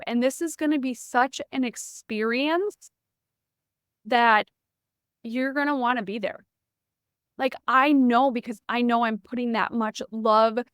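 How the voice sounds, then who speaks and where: A woman's voice: on the high side, fairly bright tone, clean tone, no room sound, clean studio sound. A woman, hosting a motivational podcast, emphatic and casual, with swearing. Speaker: podcast host.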